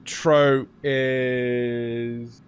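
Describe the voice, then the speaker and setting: A man's voice: mid-range voice, flat delivery, very slow, smooth. A man hosting a casual chat, ranting in a sweary, exasperated way. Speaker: host.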